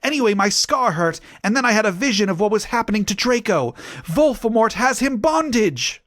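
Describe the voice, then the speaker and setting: A man's voice: high voice, sing-song, normal speed, a bit bright, no room sound, clean studio sound, voice pushed up. A man voicing a whiny, emotional young vampire boy who squeals and wails. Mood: panicked. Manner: squealing, wailing.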